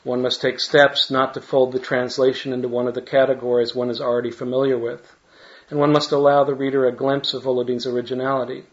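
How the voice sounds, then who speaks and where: A man's voice: medium pitch, level tone, fast, dull audio. A man who translates literature, reading a paper aloud and adding hesitant, restarting asides in an academic manner. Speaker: literary translator giving a talk.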